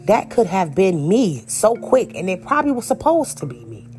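A woman's voice: medium pitch, very animated, moderate pace, darkish tone, faint music behind. A woman telling a personal story in a casual, candid, emphatic way, speaking straight to her viewers.

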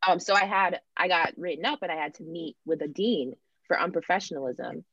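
A young woman with a lower voice talks through a personal story in an unhurried, candid way, slipping into the voices of the people she quotes. The sound is dull and lo-fi, with a dry, close feel and no room around it. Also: fairly bright tone, slightly rough, no room sound. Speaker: student sharing her experience. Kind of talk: casual podcast chat.

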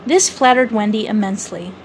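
A woman storyteller reading a children's book aloud in a measured, gently expressive way. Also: mid-range voice, slight background noise, rough recording.

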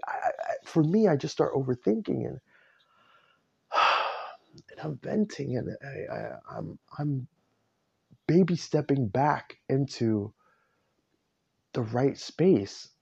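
A man's voice: medium pitch, gravelly, darkish tone, husky, dull audio. A man rambling through a candid personal vent, tearful and stumbling over his words. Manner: rambling, self-interrupting, candid. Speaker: vlogger. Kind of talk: personal emotional vent to camera.

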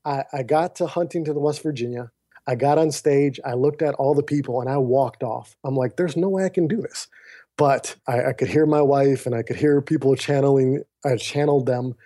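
A man with a mellow, middle-pitched voice tells a personal story as a podcast guest. He acts out the other voices in his dialogue and keeps turning to the host by name. He sounds like he is on a remote call. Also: normal speed. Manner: animated storyteller who acts out quoted dialogue; often addresses the host by name mid-sentence.

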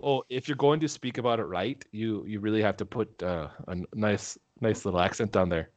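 A man's voice: lowish voice, brisk, a little mellow, dry recording. A man from Minnesota co-hosting a podcast, telling everyday stories in an easygoing, casual way. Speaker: podcast co-host. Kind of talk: casual chat.

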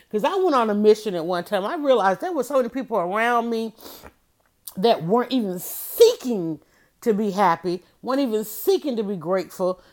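A middle-aged woman hosting a motivational livestream, speaking in an animated, preachy way and often telling listeners to write things down. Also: a little high. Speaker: livestream host.

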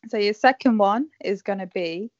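A woman hosts a casual podcast game, bossy and teasing. Her voice sits at a medium pitch. The sound is dry and close, but dull and lo-fi. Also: moderate pace, darkish tone, no room sound. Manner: bossy, teasing, cheering others on. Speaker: podcast host running a game.

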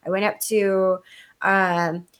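An adult woman with a mid-pitched voice tells a story in casual chat. She is blunt and animated and swears freely. A condescending edge she owns up to runs through her talk. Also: slow pace. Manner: self-described condescending.

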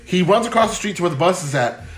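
A man's voice: high-pitched, expressive, fast talker, roomy sound, soft background music. A man telling funny stories in casual, profane chat, laughing as he goes. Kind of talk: casual storytelling.

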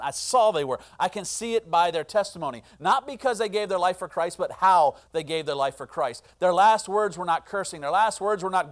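A middle-aged male pastor delivering a sermon, swinging between hushed, earnest lines and loud, impassioned ones. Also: high-pitched, animated, fairly quick, hardly any pauses.

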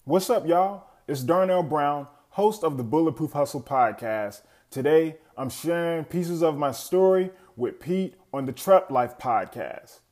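An energetic man delivers a short podcast promo in a fairly high voice. He reads crisp slogans with punch. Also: unhurried, hardly any pauses. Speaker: podcast host giving a promo. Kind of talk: recorded promo.

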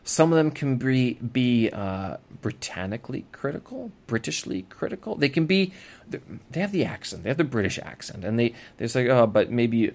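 A man's voice: medium pitch, big pitch swings, normal speed, creaky, darkish tone. A man hosting a casual solo audio blog, talking off the cuff with lots of fillers and restarts. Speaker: podcast host. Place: lives abroad as an expat.

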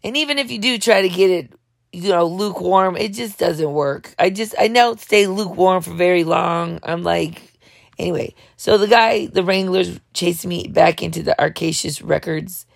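Gravelly, over-the-top woman host. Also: lowish voice, no echo, clean studio sound. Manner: talks fast, jumps between thoughts. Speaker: show host. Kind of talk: rambling comedic monologue.

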